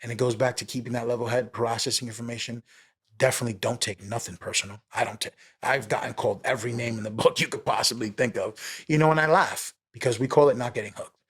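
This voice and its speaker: A man's voice: mid-range voice, steady tone, fast, a bit bright, husky. A man with a New York accent, a police officer telling a story in a casual, streetwise way, acting out both sides of the conversation. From New York City.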